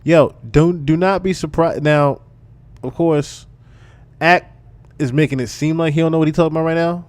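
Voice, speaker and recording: A man's voice: fairly high pitch, normal speed, no echo. A man hosting a live stream, commenting casually on a clip in a loose, emphatic way that repeats phrases.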